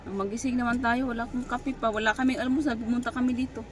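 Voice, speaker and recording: Speaking rapid-fire in a voice on the high side with little pitch movement, a young Filipino mother mixes Tagalog and English on a casual vlog. She coaxes and scolds her toddler while waiting outdoors near a clinic, with traffic noise and passing vehicles behind her.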